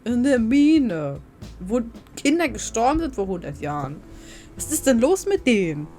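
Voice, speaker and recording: A woman's voice: a little high, big pitch swings, moderate pace, mellow. Chatty woman streamer reacting to a game. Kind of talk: casual let's-play commentary. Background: faint game music.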